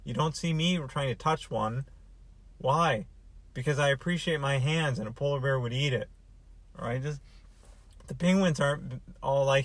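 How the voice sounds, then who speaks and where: A man's voice: mid-range voice, normal speed, fairly bright tone, dry recording. Dry-voiced man rambling in a comedy monologue. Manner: rambling, sarcastic, talks to the listener. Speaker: host.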